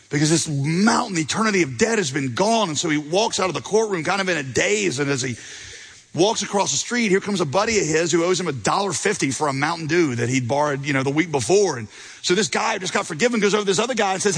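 A man preaching a sermon as a pastor, telling a parable with lively acted-out quotes. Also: husky, low-quality recording. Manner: storytelling preacher, voices quotes with big pitch swings.

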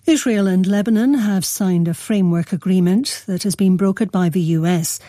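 A woman newsreader reading a news bulletin in a measured, formal way. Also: medium pitch, mellow, no room sound, clean studio sound.

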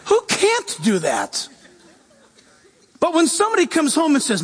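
A man preaching a sermon as pastor, animated, swinging between loud emphasis and quiet asides. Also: very high voice, normal speed, gravelly, pauses often, in a large hall.

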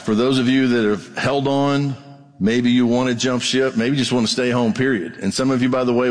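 Man preaching in a reverberant church hall. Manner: conversational preaching, rising in pitch when reading scripture. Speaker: pastor. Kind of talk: sermon. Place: church sanctuary.

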